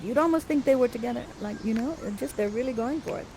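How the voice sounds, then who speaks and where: A woman's voice: medium pitch, animated, brisk, hardly any pauses, a little hiss or hum, poor audio. Playful, theatrical woman guiding a live scene. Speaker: actor guiding participants. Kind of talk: interactive theater narration.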